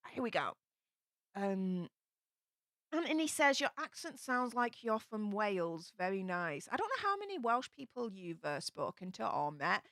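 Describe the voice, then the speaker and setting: A woman's voice: medium pitch, gravelly, a bit bright, no room sound, clean studio sound. A young woman with a Yorkshire accent hosting a casual live stream, chatting and reading viewer comments aloud with plenty of ums. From England.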